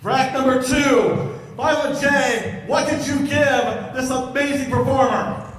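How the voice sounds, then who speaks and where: A man emceeing a live talent show, announcing the judges in a slow, deliberate way. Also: extremely high pitch, steady tone, a bit bright. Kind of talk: stage announcing. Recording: echoey hall from far off, faint noise.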